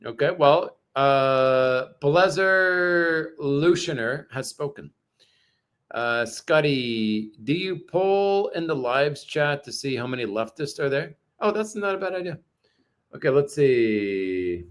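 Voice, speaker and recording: A man's voice: on the high side, expressive, slow, a bit bright, clean tone. A man from Canada hosting a casual livestream, chatting with viewers in a rambling way full of fillers and restarts. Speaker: livestream host reading chat.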